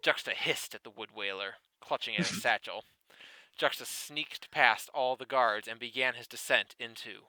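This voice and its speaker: A man with a bright, ringing voice reads a ridiculous fan fiction story with mock solemnity. He keeps a straight face, then slips into laughing asides. The sound is dry and close, with no room around it. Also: medium pitch, normal speed, dry recording, rough recording. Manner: mock-serious narration broken by laughing asides. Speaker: podcast host reading fan fiction aloud. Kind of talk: comedic dramatic reading.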